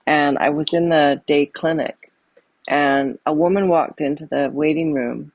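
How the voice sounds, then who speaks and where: Gravelly-voiced woman telling a long story. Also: sits low, steady tone, unhurried, darkish tone, no echo, muffled recording. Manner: rambling, many restarts and fillers. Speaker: guest, yoga teacher. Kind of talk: casual storytelling.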